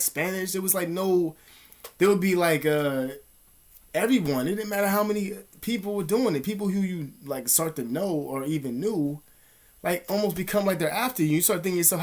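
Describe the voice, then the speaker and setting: A man vlogging in a rambling, profane, animated storytelling monologue. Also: fairly high pitch. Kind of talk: casual monologue.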